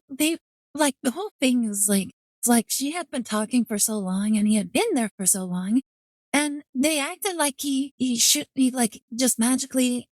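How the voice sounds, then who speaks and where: Excitable woman streamer, bright high voice. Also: no room sound. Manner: rambling, filler-heavy, excitable. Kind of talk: casual game-stream chat.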